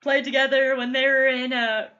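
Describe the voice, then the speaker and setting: A woman's voice: sits high, little pitch movement, normal speed, pushed and bright, highs cut off. A woman gushing casually through a TV episode review, emotional and full of "like" fillers. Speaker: TV show reviewer. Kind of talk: casual solo review vlog.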